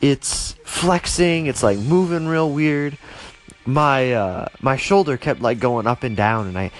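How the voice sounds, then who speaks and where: A man's voice: mid-range voice, a little slow. A young man casually telling stories to his viewers, rambling with lots of fillers and restarts and livening up when he reacts. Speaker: vlogger. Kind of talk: casual storytelling to camera.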